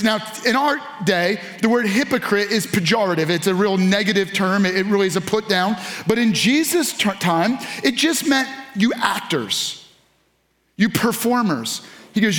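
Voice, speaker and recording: A man preaching in a high voice, his sermon animated as he reads scripture and speaks straight to the people in front of him. He calls on them to answer back and swings from quick runs of words to slow, stressed phrases. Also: roomy sound. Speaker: pastor.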